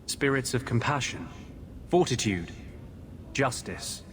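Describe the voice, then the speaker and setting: A man's voice: medium pitch, animated, slow pace, a little hiss or hum. An actor voicing a brooding male mage haunted by a vengeful spirit, speaking in a grave, intense, earnest way in video game dialogue. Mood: grim.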